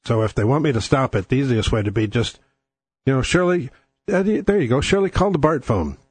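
Male podcast host, mid pitch, crude and sardonic, dry close-miked studio sound. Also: big pitch swings, a little fast, darkish tone, slightly rough, no echo. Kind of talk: casual monologue.

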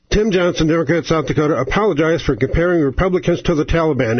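A man's voice: on the high side, fast talker, few pauses, slightly rough, dry recording. A man hosting a talk radio show, ranting in an angry, sarcastic, exasperated way. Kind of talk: political radio rant. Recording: lo-fi, dry radio sound.

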